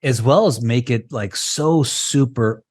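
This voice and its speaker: A man's voice: medium pitch, unhurried. A man co-hosting a podcast over a video call, explaining at length in casual chat and often checking in with "right?". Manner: animated, keeps asking "right?". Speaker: podcast co-host.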